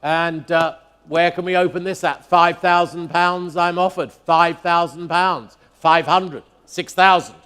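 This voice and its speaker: A man running a live car auction from the rostrum, his voice sitting a little high for a man. He calls bids in a quick, sing-song chant, repeating each figure over and over between asides to the room. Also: steady tone, fairly bright tone, smooth. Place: auction hall at a motor museum.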